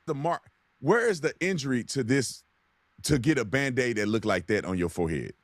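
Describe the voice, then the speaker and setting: A man co-hosting a reaction video, speaking in animated, rambling casual commentary with slang. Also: medium pitch, moderate pace, dry recording. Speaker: co-host.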